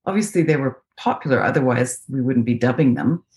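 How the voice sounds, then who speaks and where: Canadian woman, North American accent, low voice, remote interview guest, chatty and thoughtful. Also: animated, fairly quick, darkish tone. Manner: chatty, thoughtful, many fillers and restarts. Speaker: voice actress guest. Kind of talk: casual interview chat. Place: home, remote video call. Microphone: video call.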